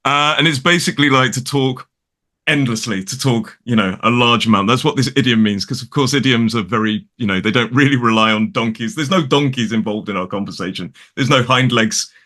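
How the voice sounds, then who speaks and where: A man's voice: medium pitch, a little fast. Chatty man with a mild Derbyshire accent. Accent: mild Derbyshire English. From Derbyshire, England. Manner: chatty, rambling, animated. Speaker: guest English teacher. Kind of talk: casual conversation.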